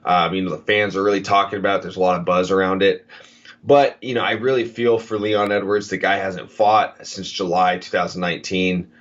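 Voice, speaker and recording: Deep-voiced man on a dull video call. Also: fairly even intonation, brisk, a bit bright. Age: 30s. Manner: earnest, rambling with many fillers. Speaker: guest fighter. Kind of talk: casual interview chat.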